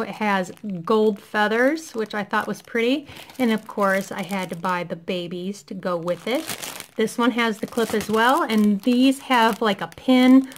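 A woman's voice: medium pitch, a little hiss or hum. A woman in her thirties, a parent, chatting through a shopping haul in a casual vlog, enthusiastic and gushing, losing her voice a little. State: losing her voice, clearing throat. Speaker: vlogger showing a shopping haul.

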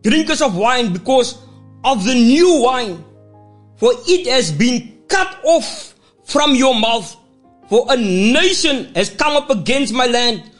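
Male radio preacher, very high voice, fervent prayer and scripture reading. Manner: fervent prayer, repeating "mighty God" and "hallelujah"; reads scripture aloud with emphatic shouts. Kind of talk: sermon.

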